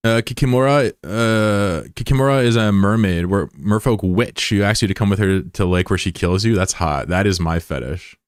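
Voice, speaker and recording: Low-voiced joking streamer man. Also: moderate pace, hardly any pauses, smooth, no echo, clean studio sound. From United States. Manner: joking, profane, rambling asides. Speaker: live streamer. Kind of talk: casual chat, reading out viewer comments.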